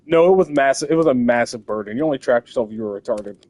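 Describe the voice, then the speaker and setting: A man's voice: mid-range voice, very fast, a little mellow. A young man hosting a casual, comedic chat, telling rambling stories full of swearing. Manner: crude, rambling storytelling with swearing. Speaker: host.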